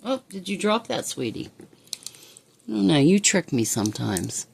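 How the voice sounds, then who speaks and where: A woman at home sweet-talks her parrot in low, unhurried tones. Her pitch swings widely as she coaxes, and she chuckles often. A faint hiss sits under the voice. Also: sing-song, vocal fry, a little mellow. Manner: coaxing, affectionate baby talk with frequent chuckles. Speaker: pet owner filming her parrot. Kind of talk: casual chat to a pet. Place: indoors at home.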